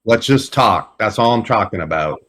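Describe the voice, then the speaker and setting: A man's voice: fairly low pitch, lively intonation, moderate pace, fairly bright tone. A man voicing an earnest adult male survivor in a tabletop game, making a blunt, persuasive plea for peace.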